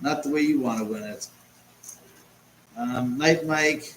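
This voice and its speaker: A man's voice: fairly high pitch, animated, unhurried, echoey room, slight background noise, low-quality recording. A man hosting a casual livestream chat from home, rambling and sarcastic and swearing often. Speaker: livestream host.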